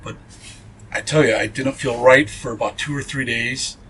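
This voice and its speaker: Interviewed as a paranormal investigator, a man earnestly tells a ghost story packed with fillers and restarts. His mid-range voice is steady, pushed, and bright at a moderate pace, on a low-quality recording with slight background noise.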